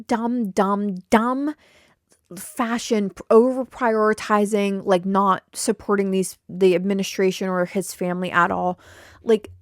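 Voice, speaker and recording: A woman's voice: mid-range voice, no room sound, studio quality. A young woman hosting her own podcast alone, talking casually and bluntly with lots of repeated words, swearing and mock quotes. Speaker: podcast host. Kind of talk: casual solo podcast chat. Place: home attic podcast studio.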